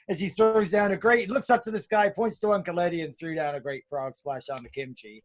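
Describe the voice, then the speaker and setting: A man with a high voice recaps wrestling moments with real excitement in a casual podcast chat. He talks bluntly and drops in swear words without a second thought. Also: brisk, hardly any pauses. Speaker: podcast co-host.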